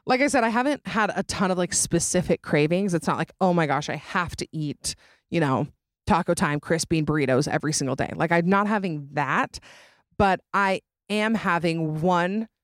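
A young woman hosts a casual podcast, talking in a chatty, dramatic way and laughing often. Her voice sits a little low. The sound is dry and close, with no room around it. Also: no echo. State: pregnant. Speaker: podcast host. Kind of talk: casual chat.

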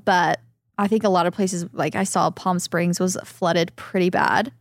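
A woman from Southern California co-hosting a podcast in casual chat, telling stories and quoting people in lively put-on voices. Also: on the low side, a little slow, no room sound, clean studio sound. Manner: animated storytelling, quoting others in lively voices. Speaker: podcast co-host.

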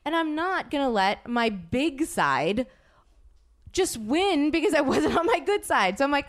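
A woman's voice: high-pitched, big pitch swings, unhurried. A woman hosting a podcast, telling a story in casual chat, acting out quotes and swearing freely. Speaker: podcast host.

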